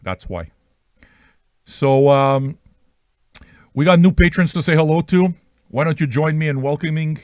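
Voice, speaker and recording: A man's voice: mid-range voice, no echo, studio quality. A man hosting an online music radio livestream, joking crudely and rambling as he welcomes listeners. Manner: joking, self-mocking, crude. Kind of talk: profane, rambling livestream banter.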